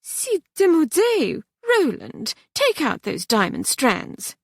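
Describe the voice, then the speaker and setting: A high, sharp-tongued mother who looks down on everything she sees, voiced by a woman reading a historical romance. Her disdain drips from every clipped word. The recording is close and dry, with a faint rasp under the voice. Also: huge pitch swings, slow pace, no room sound, full character voice. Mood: sharp disapproving. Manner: sharp, disapproving, sniffing. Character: haughty French-speaking society mother, sharp and sniffy.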